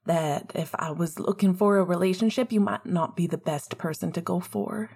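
Shy young man in an audiobook, low and breathy, gentle and hesitant , read by a woman. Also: normal speed.

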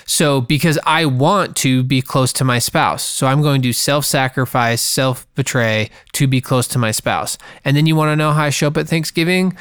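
Podcast host guy, smooth voice, super dry mic, chatty and frank. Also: mid-range voice, moderate pace, few pauses, a bit bright, no room sound. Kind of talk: podcast conversation.

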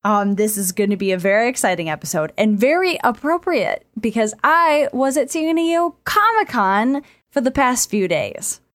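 Excitable woman podcast host, dry sound. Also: on the high side, moderate pace, no room sound. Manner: excitable, animated storyteller, swears freely. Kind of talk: casual podcast chat. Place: friend's apartment. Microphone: remote recording setup.

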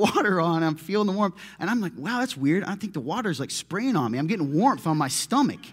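Man, pastor, conversational sermon, animated storyteller, self-deprecating, voice a bit on the high side.

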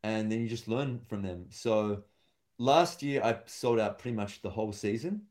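A man's voice: on the low side, moderate pace, darkish tone. Man telling rambling stage stories. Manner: rambling storyteller, acts out quotes. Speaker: stand-up comedian. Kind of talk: casual podcast chat.

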